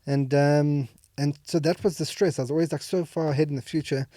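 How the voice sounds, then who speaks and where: A man's voice: a little high, fairly even intonation, fairly quick, dark tone, no echo, studio quality. A man talking candidly as a podcast guest, rambling with many fillers and restarts. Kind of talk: candid emotional conversation. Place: podcast studio.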